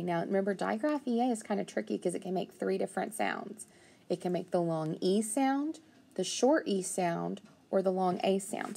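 Patiently sounding out words and offering steady praise, a woman thinks aloud while teaching phonics. Her voice is medium-pitched and creaky.

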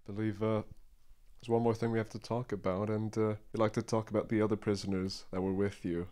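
A man with a fairly low voice, interviewing a guest in a casual way. He mostly asks short questions and gives brief reactions while the guest does most of the talking. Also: level tone, a little fast, warm tone.

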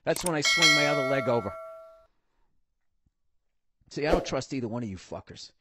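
A man's voice: mid-range voice, expressive, moderate pace, heavy background noise. A middle-aged American man hosting a podcast, ranting profanely through a comic monologue and mocking people in put-on voices. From United States. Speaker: podcast host. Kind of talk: comedic monologue rant.

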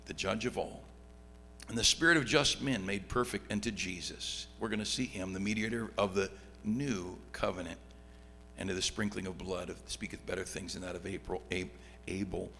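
A middle-aged pastor teaching a Bible study, reading scripture aloud and swinging from loud excitement to quiet asides. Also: male voice, low-pitched, normal speed, gravelly. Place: church sanctuary. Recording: long hall reverb, faint background hum.

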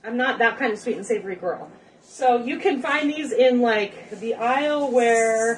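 This cooking show host talks at a moderate pace in a slightly high voice with lively intonation. She rambles cheerfully through a home cooking demo in her kitchen, joking with viewers along the way, recorded on a distant mic with faint background noise.

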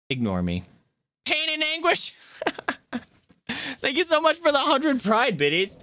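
Excitable male streamer, lively pitch. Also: measured pace, long pauses. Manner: excitable, yelps and swears at the game. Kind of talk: casual gameplay commentary.

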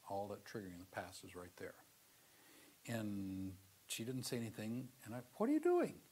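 Earnest lower-voiced male lecturer. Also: moderate pace, a little hiss or hum. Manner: earnest storyteller with sudden loud emphatic bursts. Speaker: seminary lecturer. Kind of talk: classroom theology lecture with personal storytelling.

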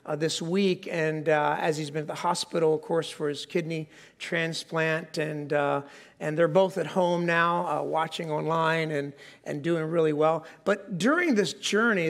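A pastor delivering a sermon to his congregation, talking in a relaxed, conversational way and poking fun at himself. His speaking voice sits quite high for a man. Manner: conversational, self-deprecating, asks the congregation questions. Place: church sanctuary before a congregation.

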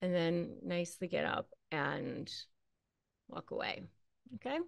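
A woman's voice: fairly low pitch, expressive, measured pace, vocal fry, no echo. Emphatic woman giving direct advice, dry sound. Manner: emphatic, repeats key phrases. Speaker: attorney and channel host.

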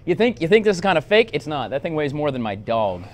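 A man's voice: on the high side, big pitch swings, quick pace, slight background noise. A man hosting a casual radio interview, joking and poking fun at himself. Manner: jokey, self-mocking banter. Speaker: radio host.

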